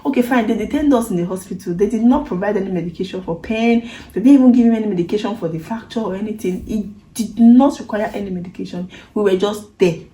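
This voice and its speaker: A woman's voice: mid-range voice, fast talker, warm tone, echoey room, rough recording. Earnest Nigerian woman telling her story. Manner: emotional, earnest retelling with Pidgin phrases. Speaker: vlogger. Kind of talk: personal storytelling to camera.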